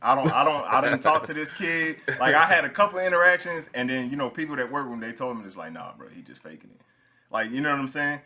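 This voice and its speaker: A young male podcast host with a bright, clear tone, chatting casually. He tells stories with rising energy and laughs as he goes. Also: a little high, fast talker, hardly any pauses. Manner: animated storyteller, laughs while telling stories.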